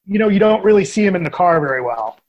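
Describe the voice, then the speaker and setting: A man on a podcast as a guest critic, talking casually and opinionated in animated rants. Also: high-pitched, fast talker, muffled recording.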